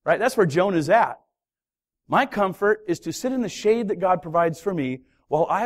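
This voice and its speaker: A man, a pastor, preaching a sermon with dramatic storytelling that swings from loud to hushed. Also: high voice, lively intonation, moderate pace, long pauses.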